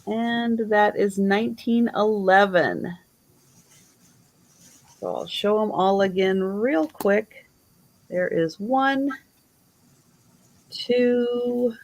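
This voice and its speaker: A woman hosting a live online sale, showing items slowly and admiringly and counting down the bidding. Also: medium pitch, darkish tone. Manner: slow, admiring, auctioneer-style counting.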